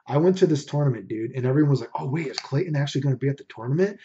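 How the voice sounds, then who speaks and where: A man's voice: medium pitch, expressive, very fast, mellow, a little hiss or hum. A young man telling a profane, ranting story in casual podcast chat, saying "dude" again and again. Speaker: podcast host. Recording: dull lo-fi recording.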